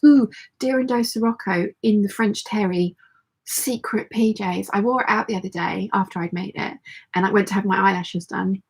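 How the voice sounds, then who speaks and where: A woman hosting a casual sewing vlog, chatting brightly with many restarts as she reads out viewer comments from her sewing room at home. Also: mid-range voice, normal speed, breathy edge. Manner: chatty, bubbly, with frequent restarts. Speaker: sewing vlogger host. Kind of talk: casual live chat reading viewer comments.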